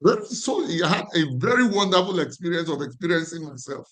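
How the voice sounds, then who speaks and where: A man's voice: fairly high pitch, very animated, a little fast, fairly bright tone. A man with a Nigerian accent, a life coach teaching a class in an emphatic way and repeating his key phrases.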